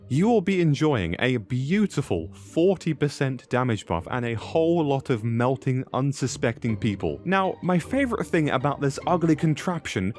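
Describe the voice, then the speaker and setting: A man's voice: mid-range voice, darkish tone. Jokey man chatting about games. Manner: jokey, rambling, talks back to viewers. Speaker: gaming video host. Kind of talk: casual gaming commentary.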